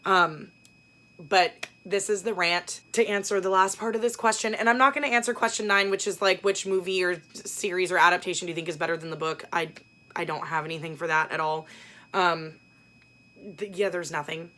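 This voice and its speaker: A woman's voice: fairly low pitch, fairly quick. A woman book vlogger talking casually about books, blunt and profane, with lots of fillers. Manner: blunt, profane, animated ranting with many fillers. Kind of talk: casual ranting book chat.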